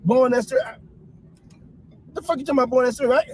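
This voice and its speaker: A man in a comedy skit, a frantic passenger who rants and yells, swearing constantly. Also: very high-pitched, steady tone, racing, long pauses, a little hiss or hum, low-quality recording. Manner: frantic, profane, yelling.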